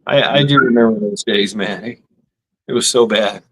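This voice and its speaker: A man's voice: fairly low pitch, moderate pace, fairly bright tone, husky, poor audio. A man hosting a livestream in casual chat, rambling, laughing and swearing easily. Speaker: livestream host.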